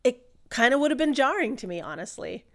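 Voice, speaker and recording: A woman's voice: high-pitched, very animated, brisk. A woman co-hosting a podcast, chatting casually about a video game in a chatty, opinionated way with lots of fillers. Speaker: podcast co-host. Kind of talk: casual chat.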